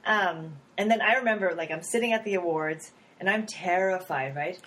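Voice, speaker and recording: A woman founder talking casually in an interview, animated, with lots of fillers, laughs and acted-out quotes. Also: fairly low pitch, normal speed, rough recording. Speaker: app founder.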